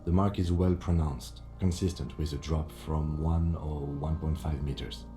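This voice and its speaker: An actor playing a calm, methodical police lieutenant in a video game, speaking in a measured, clinical, composed way. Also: male voice, a bass voice, faint music behind.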